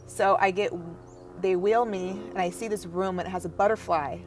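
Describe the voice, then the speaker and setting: Young woman on a podcast telling her story, halting, keeps trailing off quiet, mid pitch voice. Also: fairly even intonation, soft background music. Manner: halting, breaks off and restarts, voice drops to near whisper at times. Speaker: podcast guest. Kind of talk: emotional personal storytelling.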